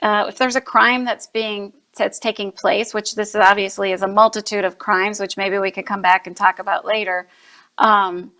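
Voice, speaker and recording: A woman and mother speaking as an interview guest about her fight against trafficking, earnest and forceful, repeating points for emphasis. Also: medium pitch. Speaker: guest, anti-trafficking activist. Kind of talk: impassioned interview answers.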